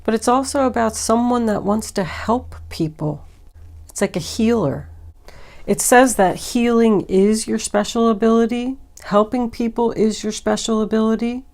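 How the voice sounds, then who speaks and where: A woman's voice: medium pitch, gravelly, darkish tone. A woman doing a tarot card reading, talking through each card in a meandering, reflective way. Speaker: tarot reader.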